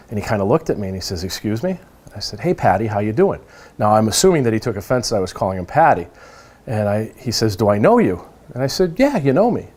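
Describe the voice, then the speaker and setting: A police officer in his forties from New England, telling stories in a casual interview and acting out the quoted lines with lively voices. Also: fairly low pitch. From New England, United States. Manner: animated storyteller who acts out quoted lines.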